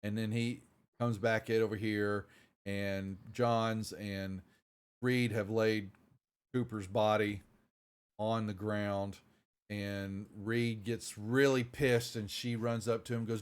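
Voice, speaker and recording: A man's voice: on the low side, fairly even intonation, slow pace, clean tone. A man running a tabletop game as game master, narrating loosely with many fillers and restarts.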